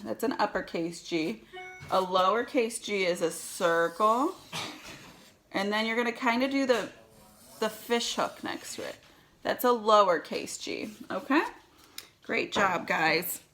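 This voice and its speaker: A preschool teacher leads circle time for young children in a mid-range, fairly bright voice, with a little hiss or hum in the audio. She's encouraging, explaining each step in a sing-song way.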